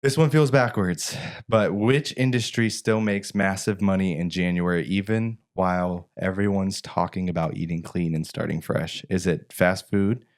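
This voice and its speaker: A man, co-hosting a casual podcast and telling animated stories. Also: deep voice, moderate pace, hardly any pauses. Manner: animated storyteller, mimics voices in anecdotes. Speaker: podcast co-host. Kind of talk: casual chat.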